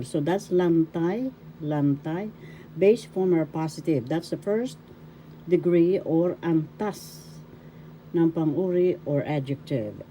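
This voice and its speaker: A woman teacher from the Philippines, giving a formal, deliberate language lesson and breaking words into syllables. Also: low-pitched, mellow, slight background noise, low-quality recording. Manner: deliberate, spells out syllables one by one; formal, repeats her credentials. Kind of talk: slow spoken language lesson.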